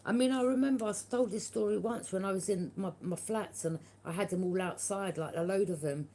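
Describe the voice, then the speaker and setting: A woman's voice: medium pitch, fairly quick, warm tone, slight background noise. A woman giving a collective tarot reading, talking bluntly and forthrightly, swearing freely and often checking with "yeah?". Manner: frequent tag question "yeah?". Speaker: tarot reader.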